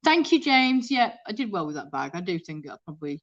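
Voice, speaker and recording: A woman's voice: medium pitch, big pitch swings, brisk, highs cut off. A woman chatting casually and rambling on a live stream from her kitchen, reading out viewer comments as she goes. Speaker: thrift reseller hosting a live stream. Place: home kitchen.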